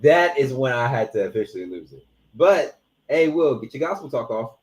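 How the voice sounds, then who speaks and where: A man co-hosting a casual podcast, retelling stories with animated, profane, dramatic flair. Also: medium pitch, moderate pace. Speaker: podcast co-host. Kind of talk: casual sports and culture chat.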